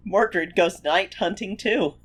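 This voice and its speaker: A woman's voice: mid-range voice, takes it slowly, husky. A woman co-hosting a podcast who adds short reactions and dry quips. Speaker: podcast co-host, spouse. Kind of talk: casual podcast chat.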